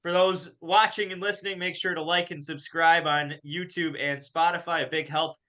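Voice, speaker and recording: A young man hosting a hockey podcast, telling a story in a casual, animated way and laughing as he goes. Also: on the high side, moderate pace. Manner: animated, laughs through his stories. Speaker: podcast host and college golf coach.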